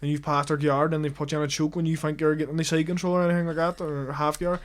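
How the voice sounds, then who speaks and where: A young man hosting a podcast, chatting casually and excitably about grappling, swearing often and telling animated stories. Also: fairly high pitch. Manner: fast, excitable, heavy swearing, animated storytelling. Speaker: podcast host. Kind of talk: casual sports chat.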